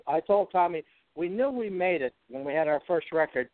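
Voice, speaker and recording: A man in his seventies, from Canada, talks as a guest musician on a radio interview in a fairly high voice. He is chatty and teasing, telling old stories, and his voice comes over a thin phone-like line. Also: lively intonation, a little fast, dry recording. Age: 70s.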